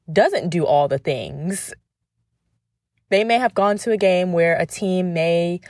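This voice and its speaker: Woman podcast host, ex-pro cheerleader, chatty direct-to-listener monologue, unhurried, dry close sound. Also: fairly low pitch, no room sound.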